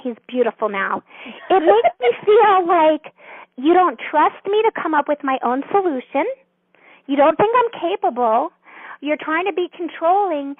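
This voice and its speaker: High-pitched woman, gentle and earnest, dry phone-line sound. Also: no room sound. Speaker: author and guest. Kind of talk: interview explaining a counseling method.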